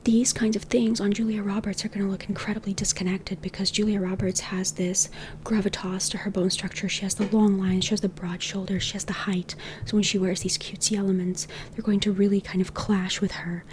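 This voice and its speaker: A woman talking to camera about personal style in a gentle, whispered, heart-to-heart way. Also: mid-range voice, flat delivery, brisk, slight background noise. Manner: whispers much of the time. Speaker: style consultant and YouTuber. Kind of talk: soft-spoken talk to camera.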